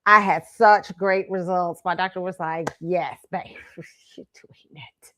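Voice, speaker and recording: A woman's voice: lowish voice, fairly even intonation, slow pace, a bit bright, a little hiss or hum. A woman hosting her own show in casual chat, talking chattily and laughing often between phrases. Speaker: host.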